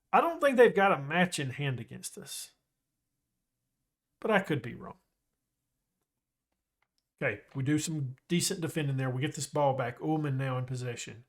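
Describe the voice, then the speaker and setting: A man casually commentating his own football management game, chatty and excitable, joking with his viewers. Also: fairly high pitch. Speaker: gaming YouTuber.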